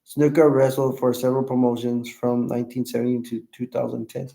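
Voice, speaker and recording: A man's voice: mid-range voice, flat delivery, vocal fry, warm tone. Guy rambling on his live stream, stops and restarts a lot, hiccuping, echoey room. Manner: halting, many restarts and self-corrections.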